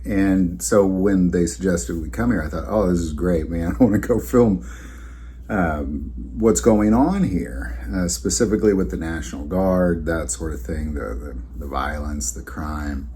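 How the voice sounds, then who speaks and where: A man's voice: deep voice, measured pace, dark tone, slight background noise. A man hosting his own vlog, telling a story in a rambling, conversational way with many fillers and restarts. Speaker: channel host.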